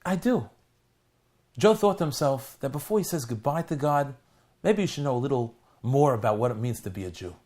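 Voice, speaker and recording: A man, a rabbi, telling a story as an appeal, swinging dramatically between loud and hushed delivery. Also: mid-range voice, lively intonation, fairly quick.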